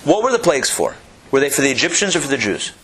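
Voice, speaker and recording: A man teaching a Torah class, animated, repeating phrases and asking his listeners questions. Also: medium pitch, fast talker, husky.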